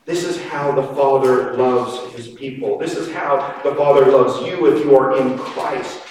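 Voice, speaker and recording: A man preaching a sermon slowly and emphatically, his voice swinging from loud to quiet. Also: medium pitch, fairly even intonation. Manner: slow, emphatic preaching with dramatic swings in loudness. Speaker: pastor. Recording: echoey hall, distant mic, faint noise.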